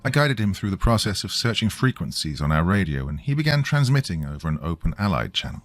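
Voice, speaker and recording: A man with a very low, deep voice narrates a horror story in a measured, grave way. Faint music plays underneath his reading. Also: sing-song.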